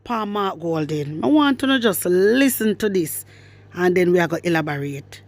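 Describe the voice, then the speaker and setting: A Jamaican woman delivers a fiery, mocking rant for her online followers, her exclamations swinging her pitch sharply up and down. The sound is dry and close. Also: animated, normal speed, no room sound. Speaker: political commentator. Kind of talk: heated social media commentary.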